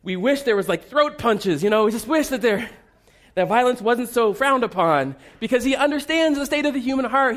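High-voiced man preaching a sermon. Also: fairly bright tone. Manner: conversational, humorous, self-deprecating storytelling. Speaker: pastor. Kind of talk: sermon with personal stories.

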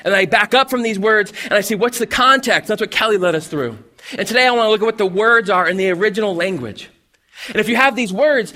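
A bright-toned male pastor with a high voice, talking through his sermon in a loose, conversational way. He stumbles and restarts often and acts out little asides as he goes. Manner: conversational, animated, with many restarts and acted-out asides. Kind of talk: casual sermon.

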